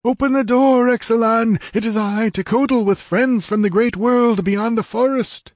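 A man voicing a frightened man of a feuding city, high and strained, pleading at a door. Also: big pitch swings, normal speed, darkish tone, husky, no echo, studio quality, heavily acted. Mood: calling.

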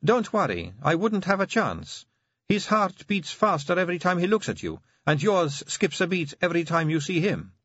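A man reading aloud voices a young female vampire with a probing, gently teasing manner. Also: fairly low pitch, big pitch swings, moderate pace, slightly rough, no echo, muffled recording, voice pushed up, heavily acted. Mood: coaxing. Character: sharp-eared young female vampire, coaxing.

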